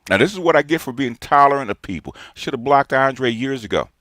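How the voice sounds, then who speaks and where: A man in his sixties rants in a streamer's response monologue. He lectures emphatically, hammering the same points again and again. The sound is dry and close, with mid-range pitch for a man. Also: animated, fairly quick, a bit bright, no room sound. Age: 60s. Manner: emphatic, lecturing, repeats himself.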